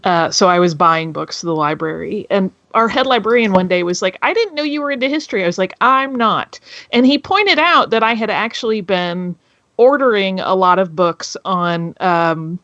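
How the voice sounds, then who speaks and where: A woman's voice: on the low side, animated, normal speed, fairly bright tone, no echo. A woman in her forties, a podcast guest, chatting in a friendly way and thinking aloud with fillers. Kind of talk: casual interview chat. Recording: dull muffled call audio.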